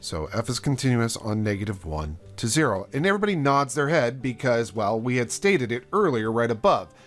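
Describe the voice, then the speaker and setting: A man's voice: mid-range voice, sing-song, a little fast, a bit bright. A man teaching calculus in a playful, chatty way, speaking straight to the viewer. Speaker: math teacher. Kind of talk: casual math lesson explained through a courtroom story.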